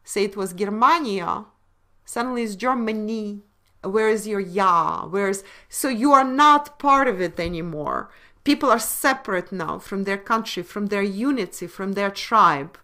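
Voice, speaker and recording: Slow, bright-voiced woman lecturing. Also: medium pitch, lively intonation. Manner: slow, emphatic, asks rhetorical questions. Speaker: webinar presenter. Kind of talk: lecture on word origins.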